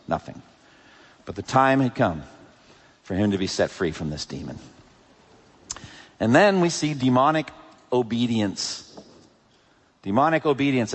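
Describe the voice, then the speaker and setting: Man preaching in a reverberant hall. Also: medium pitch. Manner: emphatic preaching with sharp swings between loud peaks and hushed drops. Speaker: pastor. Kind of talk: sermon.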